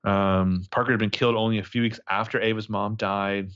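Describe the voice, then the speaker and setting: A man co-hosting a casual podcast recap of a novel, animated and swooping into high voices when quoting characters. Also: fairly quick, clear, resonant tone, no room sound, dull audio. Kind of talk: casual chat.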